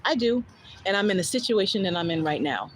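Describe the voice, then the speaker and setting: A woman's voice: mid-range voice, lively intonation, fairly quick, a little hiss or hum, poor audio. A woman with a New Jersey accent chatting casually on a livestream, blunt and candid, swearing freely and answering viewer comments. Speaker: livestream host.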